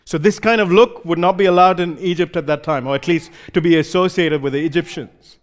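High-voiced man preaching a sermon. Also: steady tone, a little fast. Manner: explanatory, acts out short quoted lines.

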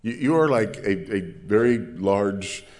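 A man putting on his wife's gentle, affectionate voice within a sermon. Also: fairly low pitch, animated, slow. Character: gentle, loving adult wife.

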